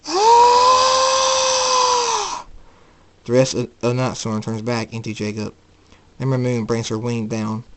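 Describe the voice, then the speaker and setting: A man's voice: on the low side, level tone, moderate pace, a little mellow, low-quality recording. Man narrating a homemade story. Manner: plain reading, stumbling on words.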